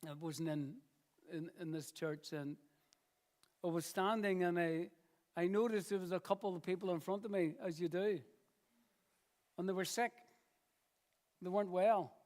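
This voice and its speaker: High-voiced man preaching a sermon. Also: steady tone, darkish tone. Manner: earnest, repeats phrases, slow emphatic pauses. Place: church.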